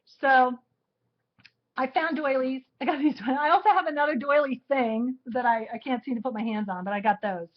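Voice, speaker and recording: A woman with a high voice rambles cheerfully about her trip, laughing between thoughts and restarting sentences. The sound is dull and muffled, like an early live stream. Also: moderate pace. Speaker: co-host of a live crafting show. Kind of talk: casual storytelling chat.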